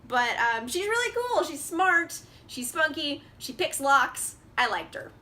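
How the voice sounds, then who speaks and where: Speaking at a measured pace, this young woman has a high, very animated voice that's bright and forceful. She's a book vlogger chatting about books she picked up, chatty and bubbly with lots of fillers and laughs, recorded indoors on a camera mic.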